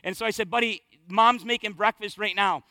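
A middle-aged male pastor tells a family story from the pulpit, then slows and builds his points for emphasis. His voice sits unusually high, with a bright, forceful tone. The sound is dry and close, with no room echo. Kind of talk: sermon with personal story.

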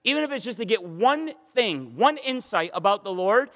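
A man's voice: high voice, big pitch swings, moderate pace, fairly bright tone, big-room sound. A man preaching a sermon to a Bible study, impassioned, often repeating and restarting his phrases. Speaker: pastor.

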